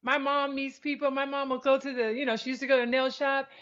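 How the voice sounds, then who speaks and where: A woman's voice: sits high, fast, muffled recording. A woman from California, a guest on a panel, talking candidly and with energy in a casual chat and slipping into playful voices when she tells a story. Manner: candid, animated, slips into playful voices for anecdotes. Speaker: guest, former athlete.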